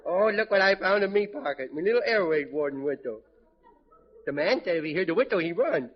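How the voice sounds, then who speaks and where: A man's voice: high voice, expressive, brisk. A cheeky little boy in an old radio comedy. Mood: scheming. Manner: cheeky, childish grammar. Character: mischievous little boy sneaking into a circus. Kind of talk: 1940s radio comedy acting. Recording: muffled old radio broadcast, hiss, audience laughter.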